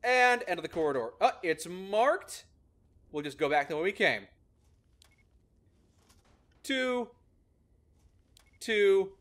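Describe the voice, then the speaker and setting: A man's voice: high-pitched, sing-song, takes it slowly, long pauses, a bit bright. A man hosting a gameplay video, explaining a maze-solving method in a casual, upbeat way and laughing often. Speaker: host explaining a maze algorithm in a game.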